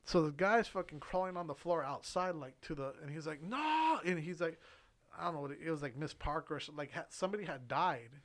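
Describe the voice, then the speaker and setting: A man's voice: a little high, fast talker. A young man telling a long story in a casual chat, rambling and swearing with lots of fillers and laughs. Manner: rambling, profane, filler-heavy, laughs often. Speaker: podcast co-host telling a story.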